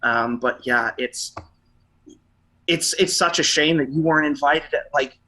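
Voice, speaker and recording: A young man hosting a casual online interview, enthusiastic and quick to agree. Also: on the high side, pushed and bright, poor audio. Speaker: interview host.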